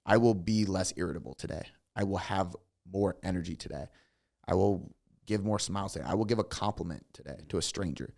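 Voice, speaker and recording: With a deep, gravelly voice, this guest coach tells lively stories on a podcast, talking quickly and casually and cursing without restraint.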